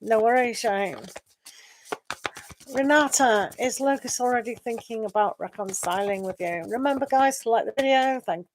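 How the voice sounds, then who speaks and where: A woman's voice: a little high, normal speed, slight background noise, rough recording. A woman doing a live tarot reading, chatting and reassuring viewers by name and laughing often. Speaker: tarot reader.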